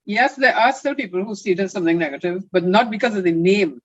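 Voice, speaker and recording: Animated interviewee; muffled, lo-fi audio. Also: mid-range voice, quick pace, no room sound. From Trinidad and Tobago. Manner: animated, mimics others in quoted asides. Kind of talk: interview talk.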